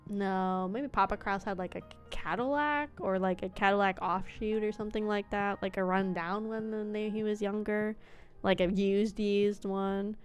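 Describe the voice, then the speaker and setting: A woman's voice: mid-range voice, fairly even intonation, normal speed, faint music behind. A woman VTuber streamer chatting casually while playing, rambling with lots of fillers, laughing often and swearing.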